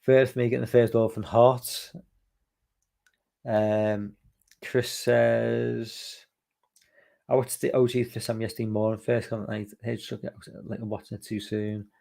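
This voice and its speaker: A man's voice: mid-range voice, flat delivery, unhurried, creaky, pauses often, mellow. A male podcast host rambling casually on a live stream, reading viewer comments aloud and swearing freely. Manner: rambling, loose, swears freely, many fillers.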